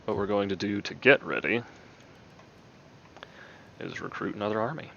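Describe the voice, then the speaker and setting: A man hosting a gaming video, giving relaxed commentary and thinking aloud as he plays. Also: lowish voice, normal speed, gravelly, dull audio, a little hiss or hum. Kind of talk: casual game commentary.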